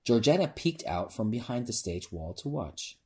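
A man's voice: mid-range voice, very animated, normal speed, dark tone, breathy edge. A man reading a first-person novel aloud informally, stumbling now and then and restarting lines. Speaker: narrator.

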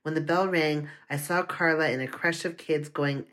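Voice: medium pitch, fairly even intonation, normal speed, a bit bright. Earnest first-person audiobook narrator.

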